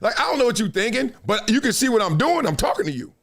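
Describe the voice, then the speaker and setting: A man hosting a live sports talk stream, lecturing his viewers in a casual, slangy, animated way with laughs between points. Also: very high voice, fast. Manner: animated, preachy, drops into quoted voices. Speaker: sports talk show host. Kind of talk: live-streamed commentary monologue.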